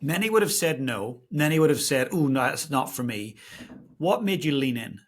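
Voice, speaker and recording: A man's voice: mid-range voice, lively intonation, normal speed. A man hosting a podcast, asking questions and speaking a promo for his keynotes. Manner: brief encouraging interjections. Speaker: podcast host. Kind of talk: interview and show promo.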